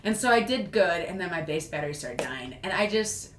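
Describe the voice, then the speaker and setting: A woman on a podcast, telling a self-mocking story in a casual, animated way and laughing often. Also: fairly low pitch, brisk. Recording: echoey room with faint noise.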